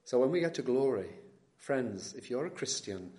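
In an animated, mid-range voice, a man works through an expository sermon, alternating soft and loud emphasis, slowing on crucial words, and putting questions to his hearers.

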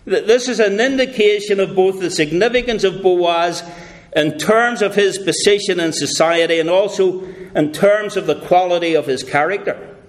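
A man preaching a sermon slowly and deliberately, repeating key phrases for emphasis and now and then slipping into playful character voices for illustrations. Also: high voice.

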